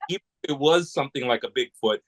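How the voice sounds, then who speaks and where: A man's voice: mid-range voice, quick pace, rough recording. A man from New England, a podcast guest, telling long rambling anecdotes with many restarts in a casual way. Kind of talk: casual storytelling.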